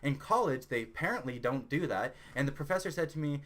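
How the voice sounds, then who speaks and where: A young man with a Canadian accent, hosting his own channel and telling a personal story in a lively, excitable way. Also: medium pitch, quick pace. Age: young adult. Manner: animated, excitable storyteller who rises loud when indignant. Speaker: channel host. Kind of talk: casual storytelling vlog.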